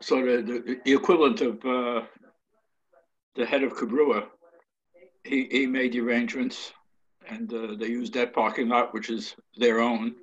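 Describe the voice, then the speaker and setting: A man on a call, chatting casually about community committee matters with dry humor and many pauses and fillers. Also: mid-range voice, little pitch movement, dull audio. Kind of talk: casual chat over a call. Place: at home at a computer. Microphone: computer speaker and mic on a call.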